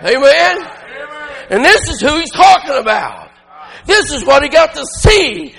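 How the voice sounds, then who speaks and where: A male preacher giving a sermon with emphatic, shouting delivery and frequent laughter. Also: very high voice, very animated, moderate pace, creaky, breathy edge, in a large hall.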